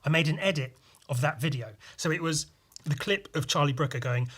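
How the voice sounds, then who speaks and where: Brief: young male podcast host, meandering sweary monologue, husky voice. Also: a little high, a little fast, fairly bright tone. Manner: meandering, full of fillers and swearing. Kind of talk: rambling solo podcast monologue.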